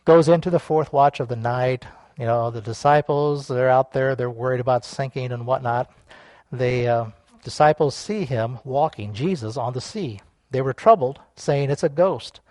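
A man preaching a sermon, swinging between hushed reflection and loud, laughing outbursts. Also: medium pitch, moderate pace, no echo. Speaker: pastor.

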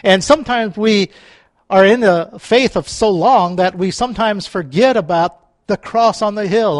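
High-pitched male preacher, conversational and playful, recorded dry and close. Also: moderate pace, no room sound. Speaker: pastor. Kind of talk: sermon.

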